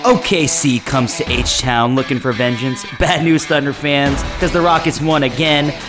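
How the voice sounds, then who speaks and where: A man's voice: mid-range voice, normal speed, music in the background. A man co-hosting a casual sports podcast, laid-back with dry jokes, reading a game recap. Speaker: podcast co-host.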